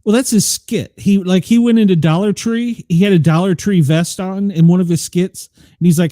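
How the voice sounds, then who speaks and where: A man's voice: high-pitched, a little fast, warm tone, dry recording, clean studio sound. A middle-aged man from the US South, hosting a casual chat show and telling stories, laughing often. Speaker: podcast host.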